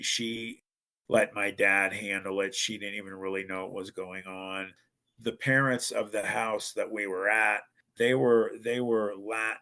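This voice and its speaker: A man from northern Ohio, a podcast guest, telling a personal story in an animated way and acting out what other people said. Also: on the low side, poor audio. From northern Ohio, USA. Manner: animated, acts out other people's lines, frequent restarts.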